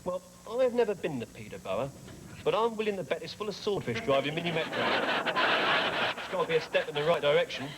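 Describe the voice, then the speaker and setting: A man doing a deadpan, absurd stand-up monologue. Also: a little high, fast talker, noisy background. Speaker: comedian. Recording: studio audience laughter.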